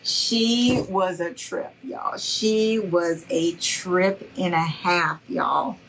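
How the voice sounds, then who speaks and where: Slow-talking chatty woman livestream host. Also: fairly low pitch, fairly even intonation, fairly bright tone, slight background noise, poor audio. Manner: chatty, folksy, calls viewers y'all. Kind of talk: casual chat with live viewers.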